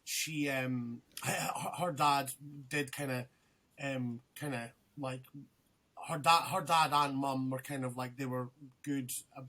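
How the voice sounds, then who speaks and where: A man's voice: mid-range voice, fairly even intonation, takes it slowly, pushed and bright. A young man, a podcast guest, telling a rambling story in casual chat, swearing freely and restarting his sentences.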